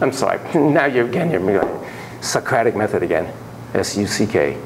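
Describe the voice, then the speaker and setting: A man's voice: lowish voice, big pitch swings, moderate pace, a little hiss or hum, low-quality recording. A man giving a classroom lecture on parenting, acting out quoted voices and digressing with laughter. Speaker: psychology lecturer.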